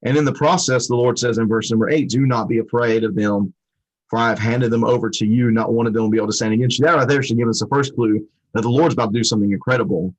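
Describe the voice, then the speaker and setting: Guy walking thru a bible chapter, chatty, keeps restarting sentences, average pitch. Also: fast, husky, low-quality recording. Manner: rambling, many restarts and fillers. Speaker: co-host of a Bible study show. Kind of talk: conversational Bible teaching.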